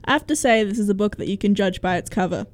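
A young woman co-hosting a casual book chat, reading reviews aloud with quick asides. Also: medium pitch.

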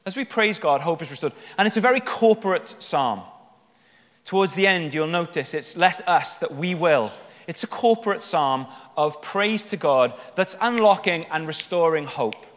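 A man preaching a sermon, reading psalms aloud and speaking emphatically, lifting his voice with passion at the high points. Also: animated, a little slow, fairly bright tone. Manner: emphatic, rising with passion when voicing the psalmist. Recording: long hall reverb.

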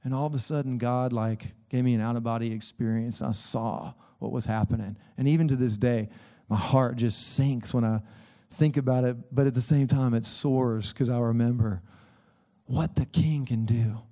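A man's voice: medium pitch, fairly even intonation, moderate pace, mellow. A man in his thirties preaching a sermon in a church, earnest and conversational, often calling on listeners to listen. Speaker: pastor. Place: church sanctuary.

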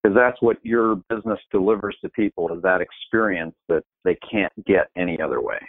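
A man's voice: deep voice, very animated, brisk, dry recording. A man hosting an interview, asking questions and chiming in with short agreements. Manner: brief affirming interjections. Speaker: interviewer, host. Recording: tinny phone-like line, dry.

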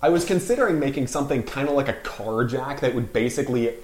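A man's voice: medium pitch, expressive, fast talker, a little mellow, echoey room, low-quality recording. Man planning gadgets in a tabletop game. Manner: thinks aloud, plans inventive gadgets. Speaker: player. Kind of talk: casual tabletop play.

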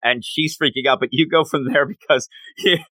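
A man co-hosting a podcast, retelling a story in animated, giggly casual chat. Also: medium pitch, normal speed, no room sound, poor audio. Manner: animated, giggly, retells scenes with quoted voices. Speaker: podcast co-host.

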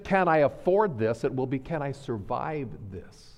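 A man preaching a sermon as a pastor. He swings between quiet, low stretches and loud, urgent, rising emphasis. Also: lively intonation, unhurried, hardly any pauses. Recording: long hall reverb.

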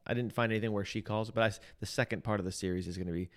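A man's voice: lowish voice, fairly even intonation, very fast. A man hosting a faith podcast as lead pastor, opening with a scripted intro and then joking around in casual chat, often restarting his sentences. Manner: playful, jokey, trails off into restarts.

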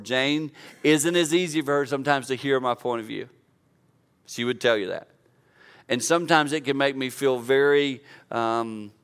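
Bright, clear-voiced pastor in his fifties. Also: mid-range voice. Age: 50s. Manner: earnest, conversational preaching with dramatized quotes. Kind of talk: sermon.

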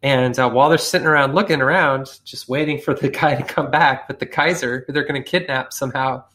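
A man spinning a comic story in loose, slangy, profane talk, with a mid-range voice. He jumps into quick voices for the people in his tale. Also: mid-range voice, bright, forceful tone. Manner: profane, slangy, acts out characters with shifting voices. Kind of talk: casual comedic storytelling.

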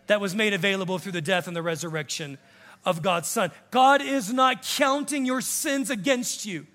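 A pastor around fifty preaching a sermon in a church sanctuary, impassioned, swinging from hushed to shouting and acting out the voices of others. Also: male voice, sits high, moderate pace, big-room sound. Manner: acts out quoted voices of others.

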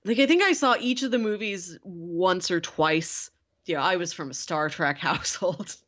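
A woman co-hosting a casual podcast chat, relaxed and filling her talk with "like". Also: fairly low pitch, moderate pace. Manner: relaxed, frequent "like" fillers. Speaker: podcast co-host.

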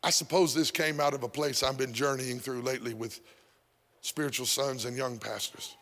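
A male pastor preaching a sermon, breaking into shouts and sung phrases, then dropping to a hush. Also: medium pitch, fairly even intonation, moderate pace, long reverb tail. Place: church sanctuary.

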